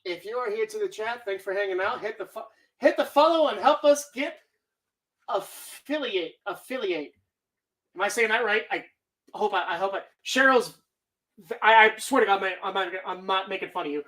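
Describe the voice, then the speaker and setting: A woman's voice: mid-range voice, expressive, fairly quick, a bit bright. A woman hosting a live stream, talking casually in a rambling, profane way. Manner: rambling, heavy swearing. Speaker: streamer host.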